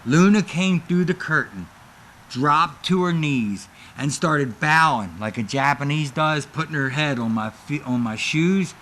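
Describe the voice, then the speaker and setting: A middle-aged man spins old locker-room stories in a bright, forceful voice, pitched a little higher than most men. He keeps slipping into the voices of the people he describes. A faint hiss of noise sits under the recording. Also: unhurried. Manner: animated storyteller who acts out other people's lines. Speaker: guest, former wrestler. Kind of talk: casual storytelling interview.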